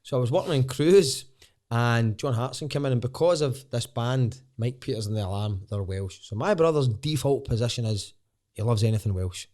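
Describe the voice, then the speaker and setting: A Scottish comedian in his thirties chats on a podcast, his voice sitting at an ordinary middle pitch. He tells lively anecdotes, swears now and then, and slips into voices for the people he quotes. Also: moderate pace. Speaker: podcast guest, stand-up comedian. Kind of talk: casual storytelling chat.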